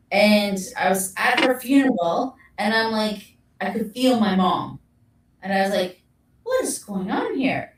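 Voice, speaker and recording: A woman from Canada, a guest paranormal investigator, telling her story in an animated way and acting out her own reactions. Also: medium pitch. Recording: echoey room, far from mic.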